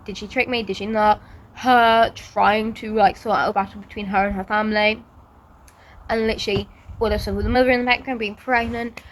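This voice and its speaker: A woman's voice: medium pitch, poor audio. A woman chatting casually about books, gushing and filling her speech with "like", recorded outdoors. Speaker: book vlogger. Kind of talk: casual chat. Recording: outdoor recording with traffic noise. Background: passing traffic.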